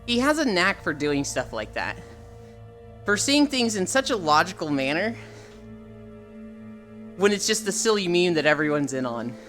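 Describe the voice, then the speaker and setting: A woman streamer with a lowish voice that swings up and down a lot as she teases her chat. She tells her stories in a lively, chatty way. Soft music plays quietly behind her. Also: moderate pace, long pauses. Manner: chatty and teasing, reading chat aloud; animated storytelling with laughter. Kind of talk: casual live-stream chat.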